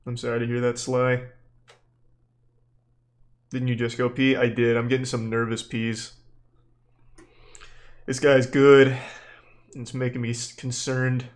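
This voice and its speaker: Young guy streaming, deadpan and kinda fed up, swears a lot, normal pitch. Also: unhurried, pauses often. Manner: deadpan, profane, exasperated rants at chat. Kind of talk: casual live-stream chat.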